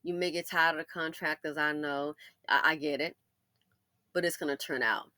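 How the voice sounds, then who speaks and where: A woman hosting a casual commentary monologue, animated and sassy, acting out imagined conversations in shifting voices. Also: sits low, normal speed, no echo. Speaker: commentary channel host.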